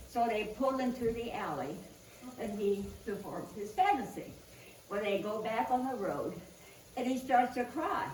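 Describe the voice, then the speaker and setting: A woman's voice: on the high side, lively intonation, measured pace, a little mellow. A woman speaking at a church service, telling jokes to the congregation and laughing at her own punchlines. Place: church hall. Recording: echoey room, distant mic, faint hiss.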